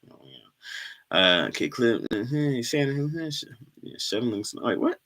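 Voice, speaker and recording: A man's voice: mid-range voice, animated, unhurried, fairly bright tone. A young man from Michigan hosting a casual livestream, reading viewer comments in loose slang and laughing often. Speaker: livestream host.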